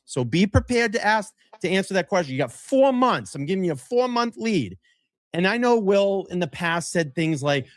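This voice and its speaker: A man chatting on a podcast, heckling and swearing freely in an animated way. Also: on the high side, no room sound, studio quality. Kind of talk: casual podcast chat.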